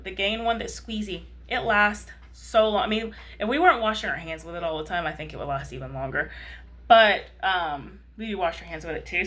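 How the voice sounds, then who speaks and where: A woman's voice: mid-range voice, sharp tone. Woman, 30s, vlogger. Casual, rambling chat to camera, conversational asides. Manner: chatty and rambling, keeps asking "you know what I mean".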